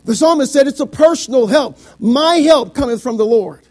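A middle-aged man preaching a sermon, quoting scripture in old biblical wording and swinging between shouted climaxes and quiet, low passages. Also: animated, normal speed. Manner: quotes scripture in King James wording.

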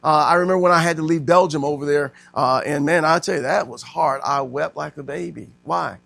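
A middle-aged pastor preaches in a folksy, heartfelt way, peppering his talk with amens and swinging from loud emphasis to near-hushed tones. His voice sits a little high and has a gravelly edge. The sound is close and dry. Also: fairly quick, no echo. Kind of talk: sermon.

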